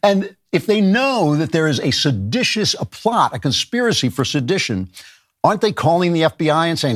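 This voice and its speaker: A man's voice: on the high side, fairly quick, no echo, clean studio sound. A man hosting a comic political monologue, sardonic and mocking, who laughs at his own jokes. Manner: animated, shouts mock voices of others. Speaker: political commentator and show host.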